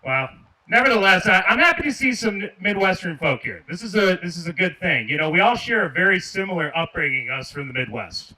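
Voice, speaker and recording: A man's voice: high voice, sing-song, fairly quick, bright, forceful tone. A man from Michigan doing a stand-up comedy set on an outdoor park stage, talking sarcastically and ribbing the crowd. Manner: sarcastic, addresses the crowd directly. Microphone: handheld stage mic. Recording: distant mic with faint noise.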